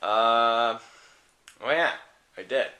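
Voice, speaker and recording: A man's voice: mid-range voice, drawn-out words, sharp tone, echoey room. A man voicing a clueless woman working a burger counter, with airy sarcastic replies.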